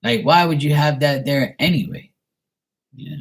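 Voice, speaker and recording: A man's voice: fairly high pitch, normal speed, gravelly. A man doing a tarot reading and answering viewer questions in a rambling, casual chat full of "you know" fillers, blunt and sometimes swearing. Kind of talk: casual live-stream chat.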